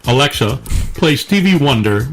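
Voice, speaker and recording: A man's voice: mid-range voice, lively intonation, moderate pace, fairly bright tone, faint music behind. A man co-hosting a casual podcast, joking and laughing along with the others. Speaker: podcast co-host. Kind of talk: casual banter.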